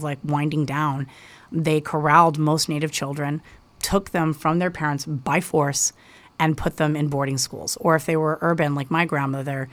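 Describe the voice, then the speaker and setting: Earnest guest talking passionately. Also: medium pitch. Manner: earnest, passionate, many restarts. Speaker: guest author. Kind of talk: casual interview talk.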